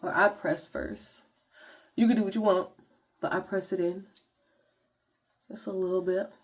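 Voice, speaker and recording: A woman's voice: fairly low pitch, steady tone, measured pace. A young woman vlogger chatting casually to viewers in slangy talk while walking through her skincare routine. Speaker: beauty vlogger.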